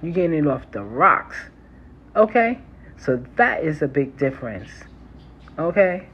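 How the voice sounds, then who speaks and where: Very animated yet a little slow, her medium-pitched voice sounds slightly rough. This New York herbalist with a New York accent laughs frequently and calls viewers "y'all" during a casual phone live stream. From her city home near a train line, faint trains and street sounds seep into the slightly muffled audio.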